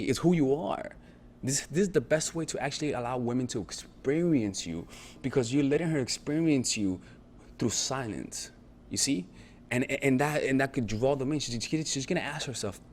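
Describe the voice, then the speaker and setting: A man gives dating coaching in a casual, conversational way, repeatedly checking in with his listener and swearing freely. His voice sits at medium pitch, and there's a little hiss or hum.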